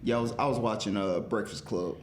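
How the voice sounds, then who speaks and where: A man co-hosting a podcast, chatting casually in a playful, expressive way. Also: on the low side, fast talker, a crowd in the background. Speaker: podcast co-host. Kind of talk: casual chat. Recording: echoey room.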